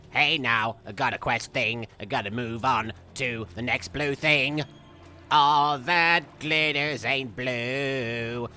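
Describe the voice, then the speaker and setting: A man voicing a goofy, unhinged young male villain as he comments on a game, rambling through silly jokes with sudden shrill outbursts. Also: pushed and bright, a little hiss or hum. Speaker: gameplay commentator. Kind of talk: comedic let's-play commentary.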